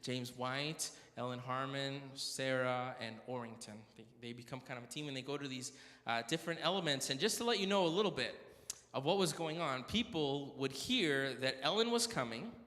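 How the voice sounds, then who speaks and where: Brief: male church speaker, casual storyteller with asides, mid-pitched, long hall echo. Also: bright, forceful tone. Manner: chatty, jokes and corrects himself as he goes. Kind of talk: storytelling talk at a prayer meeting.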